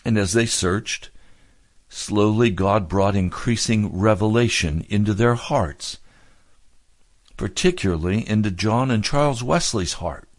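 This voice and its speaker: Slow, earnest preacher. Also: male voice, fairly low pitch, no room sound. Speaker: pastor. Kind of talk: radio sermon.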